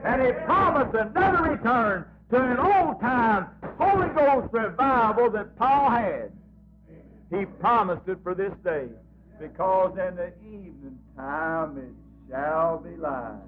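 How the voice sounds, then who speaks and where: A man delivering a revival sermon in a high, unhurried voice, fervent and folksy, circling back to phrases in a rolling cadence. The recording is muffled and lo-fi, with faint music underneath. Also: expressive. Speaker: preacher.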